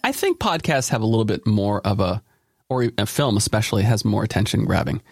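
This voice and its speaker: A man hosting a daily podcast, chatting casually with a colleague. He talks in a quick rush and laughs often. His voice is dry and close, with no room around it. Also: on the low side, gravelly, breathy edge, no room sound. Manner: fast, animated, laughs often. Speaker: podcast host. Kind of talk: casual chat.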